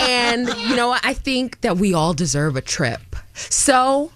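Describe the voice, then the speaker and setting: A woman's voice: medium pitch, very animated, normal speed, fairly bright tone, a little hiss or hum. A woman on a morning radio show telling a story dramatically, acting out what other people said.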